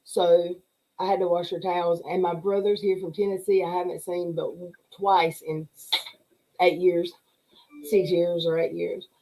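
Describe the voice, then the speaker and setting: A middle-aged woman with a drawl and a mellow, relaxed voice chats loosely through a livestream. She laughs often and greets each viewer by name as the comments scroll past. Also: fairly low pitch, unhurried, rough recording. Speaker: livestream host. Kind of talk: casual chat reading live comments.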